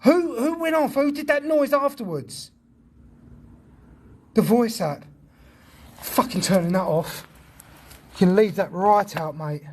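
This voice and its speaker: A man's voice: high-pitched, expressive, slow pace, long pauses, a little hiss or hum. A man chatting casually on a ghost-hunting livestream, talkative and jumpy, swearing when startled outdoors.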